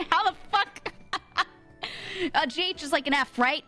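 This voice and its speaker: A woman's voice: high voice, expressive, slow pace, pauses often, sharp tone, soft background music. An American woman streamer telling a story in casual chat, rambling with lots of fillers and frequent laughter.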